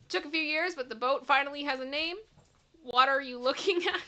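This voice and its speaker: Reading viewer comments aloud and giggling, this Canadian-accented woman hosts a casual livestream chat. She sounds high-pitched, sharp, and animated, at a moderate pace.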